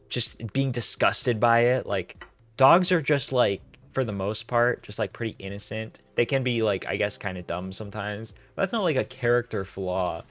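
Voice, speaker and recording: A man's voice: lowish voice, a bit bright, no echo. A young man hosting a casual commentary, sarcastic and exasperated, with many fillers. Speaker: commentary host.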